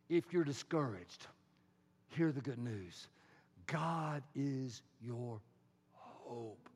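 A man preaching a sermon as pastor, using rhythmic repetition and call-and-response, building from quiet to loud. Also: mid-range voice, creaky.

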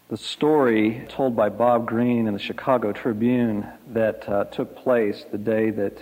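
A man preaching a sermon, telling a story slowly and dramatically, letting his lines fade to a hush. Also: medium pitch. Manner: slow, dramatic storytelling with soft, hushed line endings. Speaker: pastor. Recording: echoey hall.

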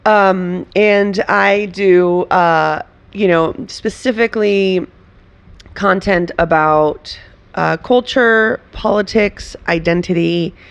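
Animated laughing woman from Venezuela. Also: mid-range voice, slow pace, creaky, clear, resonant tone. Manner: animated, laughing, many restarts. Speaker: comedian guest. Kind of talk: casual interview chat.

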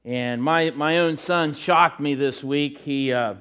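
A man's voice: a little high, takes it slowly, a bit bright. A middle-aged man preaching a sermon in church as pastor, telling folksy, rambling stories with many fillers and restarts.

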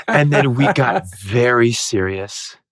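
A man, a musical theatre actor guest, telling stage stories in a casual, animated way, laughing and acting out the lines he quotes. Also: mid-range voice, drawn-out words, breathy edge, no echo, studio quality. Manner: animated, giggly storyteller who acts out quotes.

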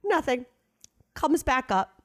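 A woman co-host telling a story in casual podcast chat, with a fairly high voice that swoops up and down a lot. She is animated, acts out what people said in changed voices, and swears casually. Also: takes it slowly.

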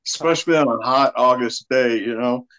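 A man, a guest on a podcast, reminiscing in a relaxed casual chat with some hesitations. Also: mid-range voice, a little fast, rough recording.

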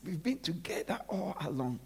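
A preacher voicing God as he gently questions a hiding man, using a gravelly, husky voice. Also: mid-range voice, sing-song, a little slow, full character voice. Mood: hushed, pleading.

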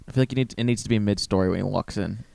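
A young man in casual chat with friends, joking and animated. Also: on the low side, racing, creaky. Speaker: podcast co-host.

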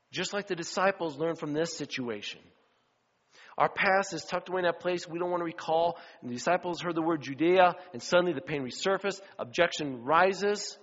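A middle-aged man preaching a sermon as pastor, animated storyteller who acts out the voices of the people in his stories. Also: a little high. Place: church sanctuary. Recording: dull sound with long hall reverb.

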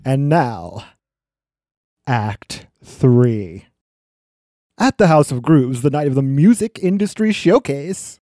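A man announcing the acts of a stage play in a slow, theatrical way. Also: mid-range voice, lively intonation, dark tone, dry recording.

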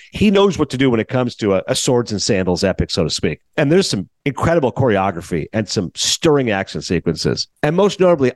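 A man's voice: mid-range voice, dry recording. A man hosting a film review show, talking casually and acting out scenes in quoted voices. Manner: animated, jokey, acts out scenes in quoted voices. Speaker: film critic podcast host.

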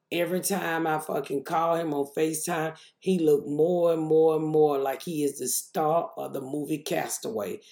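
A middle-aged woman hosting her podcast, telling a story in a profane, animated way with loud outbursts when she quotes herself. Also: medium pitch, reverberant. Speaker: podcast host. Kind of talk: casual storytelling monologue.

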